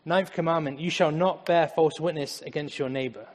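A man's voice: a little high, normal speed. A man preaching a conversational sermon, mixing scripture with personal anecdotes and casual asides. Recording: long hall reverb.

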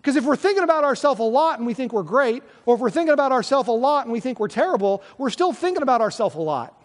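High-voiced man preaching in a reverberant hall. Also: very animated, quick pace. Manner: earnest, conversational preaching with frequent restarts. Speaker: pastor. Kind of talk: sermon.

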